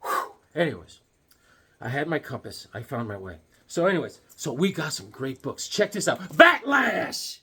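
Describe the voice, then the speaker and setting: A middle-aged man vlogging casually, excitable and joking as he talks straight to the viewer. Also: mid-range voice, normal speed, breathy edge. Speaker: comic collector vlogger. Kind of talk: casual show-and-tell vlog.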